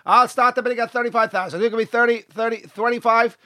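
A man voicing a horse auctioneer calling out bids at a sale, in a high, rapid calling voice. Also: steady tone, pushed and bright, no echo, studio quality.

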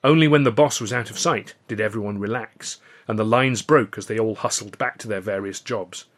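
A man narrating his own serialized novel in the first person, wry and measured. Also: fairly low pitch. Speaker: author and reader of a serialized novel.

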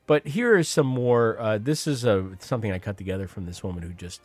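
A middle-aged man talks casually as a show host and mocks what he has just played. His voice sits a little low, with faint music underneath. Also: fairly quick. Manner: sardonic, mocking asides. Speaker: radio host. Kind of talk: casual political commentary over clips.

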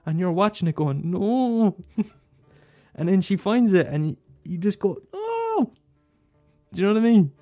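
A man talking casually and passionately about films, swearing freely and jumping up into high exclaims. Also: fairly quick, dark tone, soft background music. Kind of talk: casual film chat.

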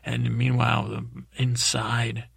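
Gravelly, husky man telling a rambling tale. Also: medium pitch, completely flat delivery, slow pace, a bit bright, no echo, studio quality. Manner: meandering, full of self-corrections and fillers. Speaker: podcast storyteller. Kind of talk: rambling improvised bedtime story.

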